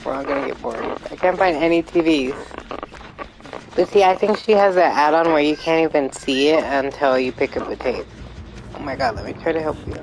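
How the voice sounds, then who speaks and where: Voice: medium pitch, a little fast, gravelly, background noise. A live streamer chatting casually and rambling through gameplay commentary, sometimes swearing when frustrated.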